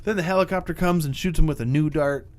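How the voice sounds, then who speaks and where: A man's voice: on the high side, fast. A man casually recapping a movie plot on a podcast, acting out the characters' lines with swearing. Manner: animated, acts out characters with swearing. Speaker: podcast co-host.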